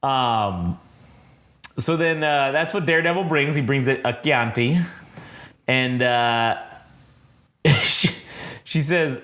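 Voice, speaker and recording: A man co-hosting a comic book podcast, recapping an issue in casual, profane chat and acting out the characters' lines in quick put-on voices. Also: mid-range voice. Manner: animated, acts out characters' lines in quick voices, swears a lot. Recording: roomy echo.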